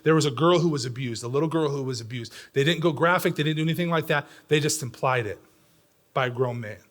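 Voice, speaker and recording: A middle-aged man preaching a sermon in a church, swinging between loud, pressing lines and hushed, near-whispered ones. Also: a little high, fast talker. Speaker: pastor. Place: church sanctuary.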